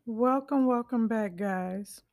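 A woman's voice: on the high side, slow, darkish tone. A woman hosting a true-crime podcast in a casual, rambling way, full of slangy asides. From United States. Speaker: podcast host.

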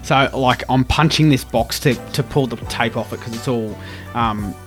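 Animated Australian bloke telling a story. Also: male voice, medium pitch, moderate pace, faint music behind. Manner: animated storyteller, swears freely. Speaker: podcast co-host. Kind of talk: casual chat among mates.

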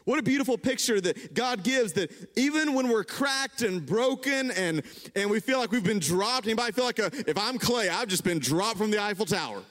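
A man preaching a sermon, conversational and animated, building to emphatic peaks. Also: high voice, brisk. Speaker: pastor. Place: church hall. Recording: reverberant church hall.

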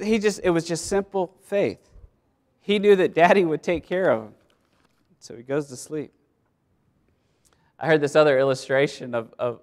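A male pastor preaching a sermon in a conversational way, repeating words and laughing as he goes. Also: fairly high pitch.

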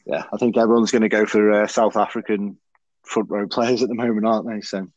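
A man's voice: fairly low pitch, little pitch movement, brisk, a little mellow, no echo, lo-fi sound. A man hosting a casual rugby chat podcast, rambling and full of fillers and restarts. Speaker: podcast host.

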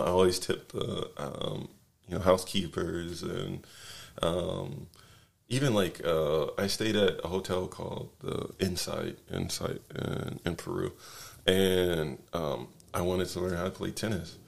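A man's voice: sits low, vocal fry. A man casually telling travel stories as a podcast guest, rambling with many fillers and restarts. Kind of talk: casual storytelling.

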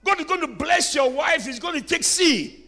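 A man preaching a sermon in a church, shouting lines and calling for responses from the congregation. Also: very high voice, expressive, normal speed.

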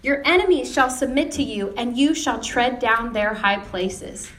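Woman preacher, high voice, echoey hall sound, storytelling sermon delivery. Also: unhurried. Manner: storytelling with lively retold dialogue. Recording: echoey room.

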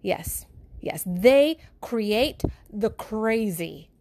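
A woman's voice: mid-range voice, animated, drawn-out words, darkish tone, a little hiss or hum. A mother and wife speaking frankly to her listeners in a candid monologue, blunt and swearing freely. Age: adult with children. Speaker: mother and wife hosting a show.

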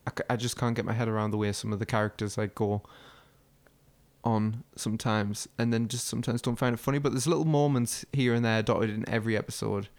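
A man's voice: fairly low pitch, fairly even intonation, fast talker. A young man co-hosting a casual chat, swearing freely and telling stories with acted-out quotes. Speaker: podcast co-host.

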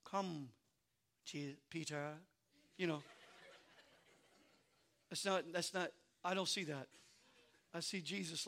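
A male pastor preaching a sermon, swinging from hushed, chatty asides to shouted passages and repeating "I'm telling you.". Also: a little high, creaky.

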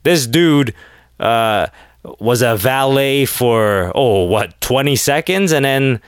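Late at night, a solo podcast host rambles sarcastically through a casual rant, saying "like" constantly and leaning on other filler words. His medium-pitched voice is animated yet slow and smooth, recorded cleanly in a studio with no echo.

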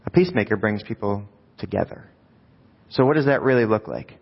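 A man's voice: lowish voice, expressive, a little fast, gravelly. A man preaching a conversational sermon, often asking the congregation rhetorical questions. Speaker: pastor. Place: church sanctuary. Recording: dull sound with long hall reverb.

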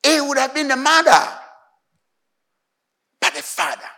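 A male pastor with a Ghanaian English accent delivers a sermon in a high, bright voice that leaps up and down in pitch. He speaks slowly and emphatically, often pausing to prompt the congregation to call back the missing word. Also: very animated. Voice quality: emphatic, asks the congregation to fill in words.

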